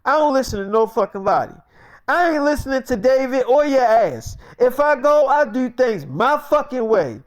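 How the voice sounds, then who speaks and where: A man voicing a hot-headed, stubborn, foul-mouthed middle-aged man who shouts and argues. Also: very high voice, sing-song, moderate pace, voice pushed up. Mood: angry. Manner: shouty, profane, indignant.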